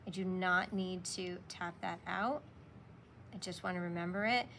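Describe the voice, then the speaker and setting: A woman's voice: fairly low pitch, moderate pace, sharp tone, slight background noise. A woman teacher walking young children through a spelling lesson, patiently sounding out letters and sounds.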